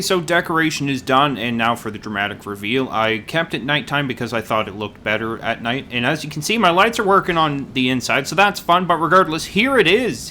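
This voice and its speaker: A man's voice: medium pitch, bright, forceful tone, slight background noise. A man giving casual, rambling gameplay commentary, self-deprecating and full of dad jokes. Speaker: gaming YouTuber.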